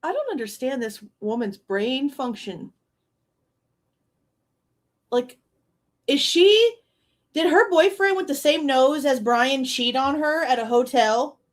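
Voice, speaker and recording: A woman with a high, bright voice hosts a live true crime reaction stream. She sounds exasperated and sarcastic, swears freely and laughs often between remarks. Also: expressive, slow pace, pauses often.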